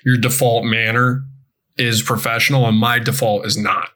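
A man's voice: medium pitch, flat delivery, normal speed, pushed and bright. Frank, casually swearing man. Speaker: podcast co-host. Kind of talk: casual chat.

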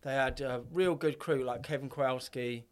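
A man's voice: medium pitch, steady tone, moderate pace. A man, a podcast guest telling rambling stories in casual chat, swearing and acting out what others said. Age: 50s. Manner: rambling, swears, acts out quotes.

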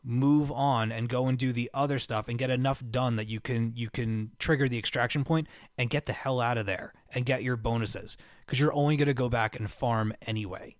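Brief: excitable male co-host, mid-pitched, rambling casual delivery, dry close sound. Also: fairly quick, hardly any pauses, no echo. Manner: excitable, rambling storyteller full of "like". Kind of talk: casual chat.

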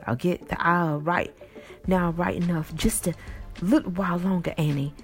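A woman voicing an obsessed middle-aged whaling captain who speaks in gruff New England dialect, commanding and then pleading. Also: lowish voice, fairly even intonation, normal speed, faint music behind, pitched above the performer's own voice, lightly acted.

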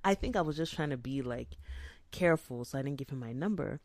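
A woman podcast host telling a story in a chatty, animated way, sometimes dropping into hushed asides. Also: a bass voice, fairly quick, dry recording. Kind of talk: casual storytelling monologue.

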